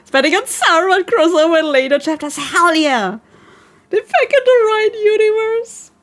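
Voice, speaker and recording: A woman's voice: very high voice, expressive, normal speed, soft background music. A young woman streaming live, reading a fanfic aloud and reacting to chat with giggly disbelief. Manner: giggly, incredulous, talks to chat. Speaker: virtual streamer.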